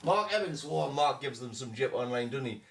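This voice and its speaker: A man's voice: mid-range voice, lively intonation, a little fast, creaky, fairly bright tone, a little hiss or hum. A man co-hosting a casual football podcast, chatting and reading out viewer comments. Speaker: podcast co-host.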